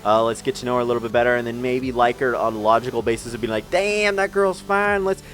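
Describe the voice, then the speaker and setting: A man's voice: medium pitch, flat delivery, very fast, fairly bright tone. A young man telling a rambling, self-mocking story as commentary over gameplay, swearing freely. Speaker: gaming channel storyteller.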